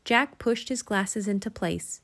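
A woman narrating a children's storybook in an expressive, lilting way. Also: mid-range voice, measured pace, gravelly. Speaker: audiobook narrator.

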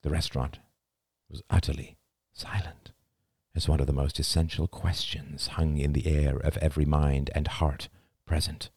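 A man reading a novel aloud as an audiobook, with expressive, dramatic storytelling. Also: rumbling low, moderate pace, creaky, slightly rough, no echo, clean studio sound. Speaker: audiobook narrator. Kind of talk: scripted audiobook narration.

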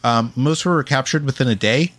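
A man's voice: medium pitch, brisk, fairly bright tone. A man co-hosting a casual history podcast, reading from his notes with frequent ums and uhs. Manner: reads facts with many ums and uhs. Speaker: podcast co-host.

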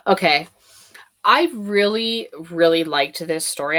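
Woman, very low voice, relaxed and candid book-chat co-host, swears casually. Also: a little slow.

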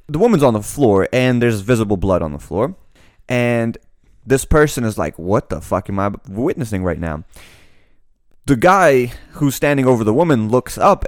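A man's voice: mid-range voice, dry recording, studio quality. A young man co-hosting a podcast in casual chat, telling a story with acted-out quotes and casual swearing. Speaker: podcast co-host.

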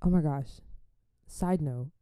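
A woman vlogger in casual chat with her viewers, animated and chatty, dropping churchy exclamations. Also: low-pitched, slow pace, dry recording, clean studio sound.

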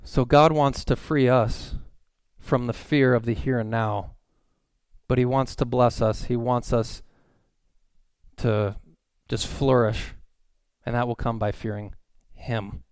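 A man's voice: medium pitch, steady tone, slow pace, a little mellow, clean tone, dry recording. A man preaching a sermon in a conversational way, asking his listeners questions.

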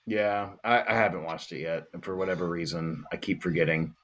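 Deep-voiced, dry-teasing podcast host. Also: male voice, brisk, a bit bright. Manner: dry, teasing, laid-back. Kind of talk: casual chat.

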